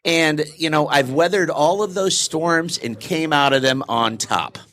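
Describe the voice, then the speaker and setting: A man's voice: on the high side, a little slow, fairly bright tone. A middle-aged man, a business consultant, telling a joke and acting out its voices during a live interview at a networking event. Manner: storyteller, acts out voices in a joke.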